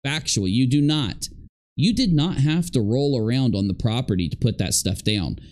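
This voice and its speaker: A man's voice: medium pitch, lively intonation, moderate pace, darkish tone. A man giving indignant reaction commentary on video clips, stressing points by repeating them.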